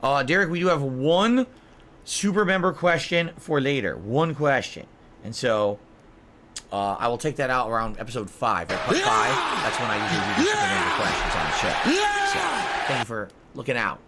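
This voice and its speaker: A man's voice: mid-range voice, very animated, moderate pace, sharp tone, a little hiss or hum. A man hosting a live stream and reacting to videos with rambling, puzzled commentary. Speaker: streamer host.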